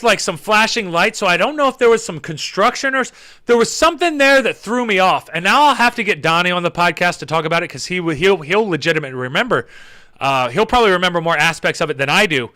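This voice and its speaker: A young man hosting his own show, telling a story in a casual, rambling way that gets animated and sweary. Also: high-pitched. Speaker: podcast host.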